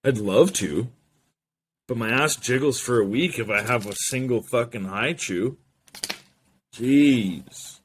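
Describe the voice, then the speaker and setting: Thirtysomething guy rambling into the camera, swearing, joking around, average pitch. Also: takes it slowly, long pauses, a little hiss or hum. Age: 30s. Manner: rambling, profane, jokey, with slang and French asides. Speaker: show host. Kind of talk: casual monologue to camera.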